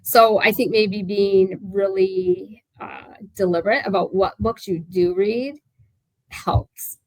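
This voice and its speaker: A woman in her sixties, an author, is being interviewed and chats in a rambling way full of fillers and restarts. Her mid-range voice is steady and slow, with no room sound and poor audio quality.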